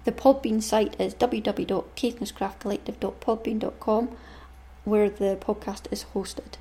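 A woman's voice: medium pitch, steady tone, normal speed, mellow. A woman hosting a craft podcast, chatting in a homely, rambling way and reading aloud. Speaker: podcast host.

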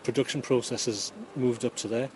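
This is a middle-aged yarn dyer from Newcastle, England, formerly a chemistry teacher, answering interview questions casually in his Geordie accent. He rambles, uses lots of ums and keeps a dry humour, his medium-pitched, slightly mellow voice fairly quick and even. The interviewer's phone adds a little hiss or hum.

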